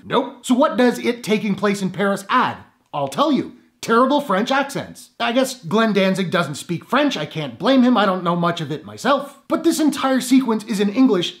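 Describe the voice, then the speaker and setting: Sarcastic film reviewer, wry delivery. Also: medium pitch. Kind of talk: spoken movie review.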